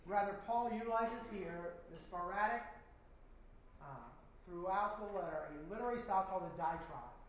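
Preacher, male, high voice, emphatic sermon delivery, roomy church echo with faint hiss. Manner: emphatic, animated preaching with rising outbursts. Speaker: pastor.

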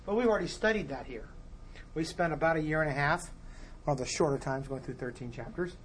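A man leading a Bible study, explaining verses in a relaxed teaching way and posing rhetorical questions to his class. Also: fairly high pitch, quick pace, a little hiss or hum.

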